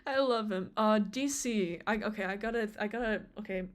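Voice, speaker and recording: A woman's voice: mid-range voice, moderate pace. A young woman streamer chatting casually on a live stream, rambling with many fillers and restarts.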